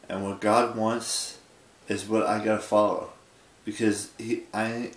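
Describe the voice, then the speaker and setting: Sleepy rambling young man, echoey room. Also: on the low side. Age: 20s. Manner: rambling, halting, with many restarts. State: sleepy, yawning. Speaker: vlogger. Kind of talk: casual late-night vlog monologue.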